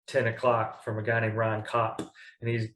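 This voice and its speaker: A man's voice: lowish voice, completely flat delivery, normal speed, fairly bright tone. A young man from Kentucky telling stories as a guest in a casual interview, rambling and full of fillers. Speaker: baseball pitcher, guest. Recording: echoey room.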